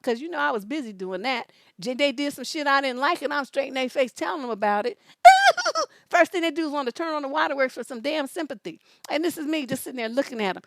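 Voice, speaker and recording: A woman's voice: high voice, a bit bright, no echo, studio quality. A woman relationship coach on a livestream, blunt, profane and scolding as she answers listener questions and reads their letters with asides. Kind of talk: livestream advice talk.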